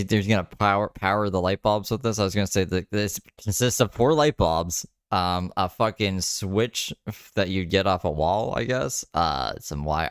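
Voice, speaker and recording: Deep-voiced sarcastic streamer man. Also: smooth, dry recording, studio quality. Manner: skeptical, sarcastic, swears freely. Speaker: streamer reacting to a video. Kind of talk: casual reaction commentary.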